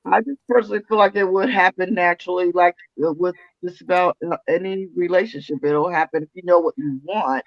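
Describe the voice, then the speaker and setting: A woman's voice: on the low side, a little fast, few pauses, no echo. A woman co-hosting a podcast in casual chat, talking hesitantly with many fillers. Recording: dry, dull lo-fi sound.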